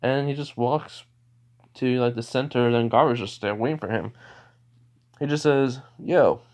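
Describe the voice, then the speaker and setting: A man's voice: medium pitch, fairly even intonation, normal speed, a little mellow. Rambling young man retelling a fan story. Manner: rambling, many fillers and restarts, laughs often. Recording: dull lo-fi recording.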